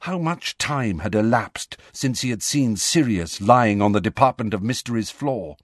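Expressive male audiobook narrator. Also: fairly low pitch, moderate pace, dry recording, studio quality. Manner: expressive, dramatic reading. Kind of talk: scripted storybook narration.

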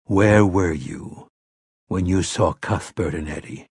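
A man doing a low, grave gunslinger. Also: breathy edge, no echo, studio quality, full character voice. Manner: slow, quiet, probing questions. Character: stern weathered gunslinger man, grave and commanding. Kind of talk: audiobook character voice.

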